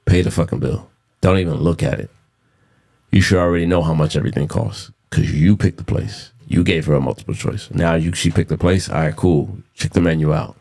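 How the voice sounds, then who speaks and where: A man's voice: sits low, fairly quick, creaky, darkish tone. A man in his thirties hosting a casual solo podcast, blunt and profane, repeating himself for emphasis. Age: 30s. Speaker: podcast host.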